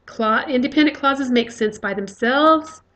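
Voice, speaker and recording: The recording, a bit bright in sound, captures a female teacher lecturing on grammar in a slightly high voice. Patient and methodical, she often lingers on fillers like "okay" and "uh" along the way.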